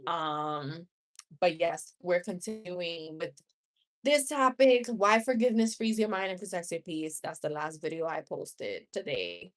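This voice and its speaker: A woman's voice: lowish voice, measured pace. A woman in her thirties with a New York accent, chatting casually with viewers on a live stream, laughing often and wandering into asides. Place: home room.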